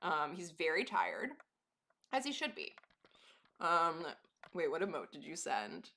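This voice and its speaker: A woman's voice: deep voice, big pitch swings, measured pace, pushed and bright. A woman live streamer chatting casually to her viewers, rambling and laughing often.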